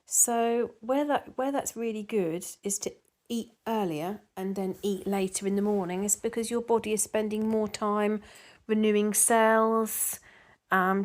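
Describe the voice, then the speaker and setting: A middle-aged woman chats to her viewers in an easy, rambling way, reading out their comments and answering them. She talks at an ordinary pitch, with plenty of ums and restarts. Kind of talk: casual chat to camera.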